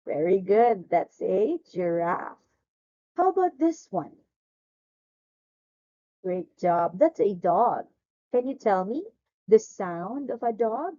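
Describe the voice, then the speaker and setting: Over a video call, a woman gives a demo English lesson to a young child, speaking very slowly in a fairly high, mellow voice that rises and falls with lively energy. Her manner is exaggerated and encouraging, with frequent praise, and the audio is a little dull and lo-fi.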